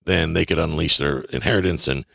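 A man teaching real estate investing in a folksy, animated way, often acting out dialogue. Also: rumbling low, a little fast, vocal fry, no echo, studio quality. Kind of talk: instructional talk.

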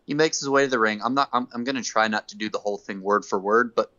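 A man hosting a casual chat, an animated storyteller who acts out quotes. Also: fairly low pitch, fast. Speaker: podcast host. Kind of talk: casual wrestling recap chat. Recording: dull lo-fi recording.

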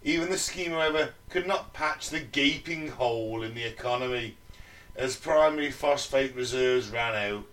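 Reading his research notes aloud, a man co-hosting a laid-back chat podcast keeps interrupting himself with jokes and swearing. He speaks at normal speed in a mid-pitched, slightly bright voice that comes across a little far from the mic.

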